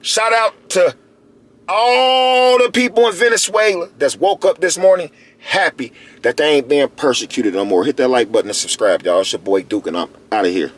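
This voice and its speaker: A man giving a casual commentary monologue to his viewers, animated and slangy, repeating himself and calling out to them often. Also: a little high, moderate pace, slight background noise. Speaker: video commentator.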